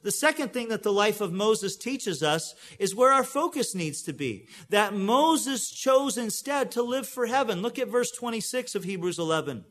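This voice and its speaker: A middle-aged man preaching a sermon, earnest, often dropping low and soft on key phrases. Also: animated, moderate pace, few pauses. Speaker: pastor.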